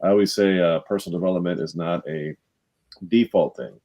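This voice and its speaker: A man's voice: deep voice, fairly quick, mellow. A man co-hosting a live online talk, upbeat and motivational, with frequent fillers. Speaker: co-host, event organizer. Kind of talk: casual live video-call chat.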